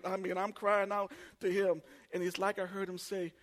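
A man in his forties preaching a sermon, telling funny personal stories and building up to shouts. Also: sits high, flat delivery, normal speed, few pauses. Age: 40s. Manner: humorous storytelling, builds to shouting. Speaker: pastor.

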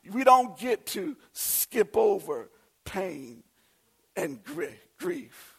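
A preacher with a very high, husky voice delivers a sermon to his congregation. He calls out to the room and builds his points into shouted, repeated refrains. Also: sing-song, very slow, long pauses.

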